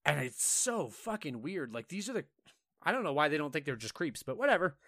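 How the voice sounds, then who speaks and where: A man's voice: a little high, sing-song, a little fast, fairly bright tone, no echo, studio quality. A man co-hosting a casual gaming podcast, telling stories animatedly, acting out voices in quotes and laughing often. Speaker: podcast co-host.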